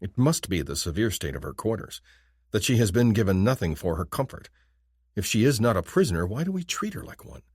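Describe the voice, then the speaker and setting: A man narrating a romance audiobook in the first person, in an expressive, intimate manner. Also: lowish voice, fairly quick, breathy edge, dry recording, studio quality.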